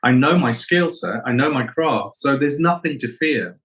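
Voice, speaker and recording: Middle-aged man telling lively stories. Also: mid-range voice, normal speed, rough recording. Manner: animated anecdotes, acts out quoted voices. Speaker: actor, interview guest. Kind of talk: reflective interview storytelling.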